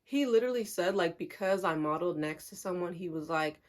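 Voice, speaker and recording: A young woman telling a candid storytime vlog, animated and talking straight to her viewers, laughing often. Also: on the low side, brisk, few pauses. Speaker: vlogger.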